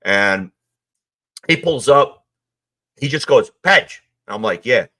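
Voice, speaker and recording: A man from Queens, telling stories in a casual interview, animated and acting out the quotes of others. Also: on the low side, takes it slowly. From Queens, New York. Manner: animated, acts out quotes, swears. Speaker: guest, former mob associate.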